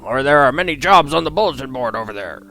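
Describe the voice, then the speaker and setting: A man's voice: mid-range voice, expressive, quick pace, bright, forceful tone. A man voicing a genial old male guildmaster, a retired adventurer who reminisces in a chatty, friendly way over faint guitar music.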